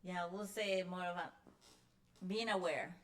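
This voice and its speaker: A woman hosting a casual conversation, reflective and repeating phrases softly. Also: lowish voice, fairly even intonation, unhurried. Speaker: host.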